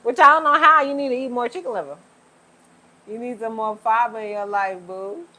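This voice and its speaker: A woman's voice: on the high side, normal speed, bright, forceful tone. A woman hosting a casual livestream from home, chatting with viewers and laughing often. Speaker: livestream host.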